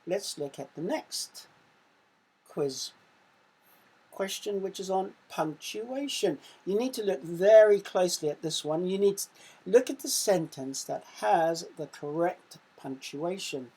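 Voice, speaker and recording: Slow, low-voiced English teacher. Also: female voice, animated, dark tone, slightly rough, rough recording. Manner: slow, careful quiz reading with sound-effect emphasis. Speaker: primary school teacher. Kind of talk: recorded online lesson.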